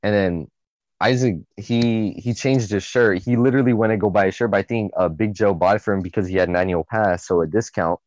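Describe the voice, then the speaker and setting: A man's voice: lowish voice, a little fast, no echo. Swearing young guy telling a story. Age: young adult. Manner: animated, swears a lot, acts out friends' lines. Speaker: podcast co-host. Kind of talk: casual storytelling chat.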